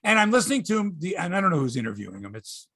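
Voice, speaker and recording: A man's voice: sits high, big pitch swings, racing, a bit bright, husky, no echo, studio quality. A man from Canada hosting a casual sports chat, profane and ranting, often repeating himself. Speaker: sports show host.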